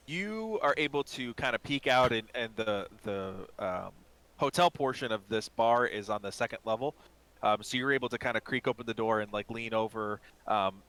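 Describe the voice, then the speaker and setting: A man narrating as game master in a tabletop game, rambling and pausing often with fillers. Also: mid-range voice, a bit bright, smooth.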